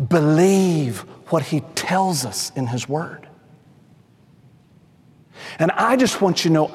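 Emphatic, high-voiced preacher in a reverberant hall. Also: male voice, husky. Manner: emphatic, addresses listeners as folks, drops low for stress. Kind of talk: sermon.

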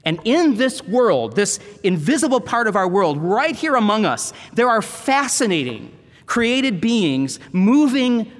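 Long, ringing church reverb surrounds this sermon from a seminary professor whose voice sits rather high and a bit bright. He dramatically retells a Bible story to the congregation like a storyteller.

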